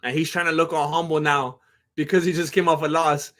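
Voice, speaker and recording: A man's voice: fairly high pitch, little pitch movement, a little fast, a bit bright. Blunt, joking man hosting a live stream. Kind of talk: live fight commentary stream.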